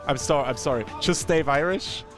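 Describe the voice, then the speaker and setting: A man doing live esports commentary on a fighting game from the tournament venue, excitable, chatty and jokey. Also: on the high side, a little fast, soft background music.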